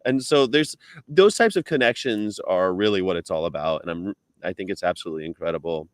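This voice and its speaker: A man's voice: animated, fast, no room sound. Chatty man with a dry, close sound. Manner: chatty, laughs often, slips into high mock voices for quotes. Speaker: co-host of a live stream. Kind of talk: casual chat.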